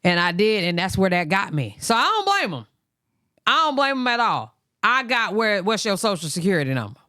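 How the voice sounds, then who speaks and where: A man's voice: normal speed, smooth, dry recording, clean studio sound. A man hosting a casual chat, animatedly telling a personal story and acting out other people's lines in a raised voice. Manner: animated, acts out quoted voices in high pitch. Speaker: host.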